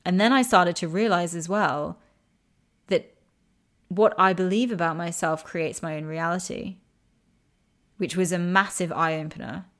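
Candid, frank woman with a lower voice. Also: a bit bright. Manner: frank and earnest, swears freely, speaks directly to the listener. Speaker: vlogger. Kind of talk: candid personal storytelling to camera.

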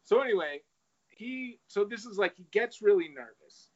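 A man's voice: high-pitched, expressive, moderate pace. A man in casual chat, retelling an essay and reading quoted passages aloud. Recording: dull lo-fi recording.

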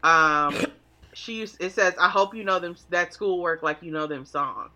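Woman in casual chat, super bright voice, dry jokey delivery. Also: lowish voice, a little slow. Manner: wry, joking, quotes her mom.

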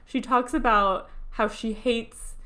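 A woman from New York hosting a podcast in casual chat, talking in an animated way with lots of "like" asides. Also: a little high, takes it slowly. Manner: chatty, animated, full of "like" asides. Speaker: podcast host.

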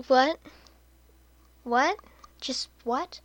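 A woman hosting a podcast in casual commentary, sarcastic, laughing often and dropping into soft muttered asides. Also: on the high side, fairly even intonation, slow pace, pauses often. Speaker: podcast host.

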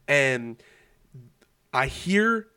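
Animated young man telling a wild story. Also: medium pitch, extremely slow, clear, resonant tone. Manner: animated, swearing storytelling with lots of fillers. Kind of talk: casual chat.

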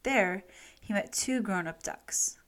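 A woman reading a children's story aloud, expressive and unhurried. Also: mid-range voice.

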